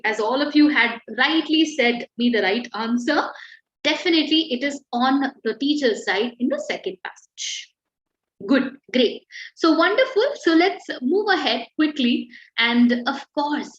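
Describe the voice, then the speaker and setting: A woman leads an online creative writing lesson and talks in a high voice. She is encouraging and often says a word twice for emphasis. Her audio is dull and lo-fi, with an echoey room around it. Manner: encouraging, repeats words for emphasis.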